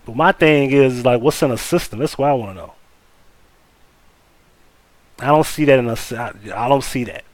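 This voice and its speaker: A man's voice: mid-range voice, moderate pace, pauses often, dry recording. A man hosting a live stream, giving blunt, profane, casual commentary and talking straight to his chat. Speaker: livestream host.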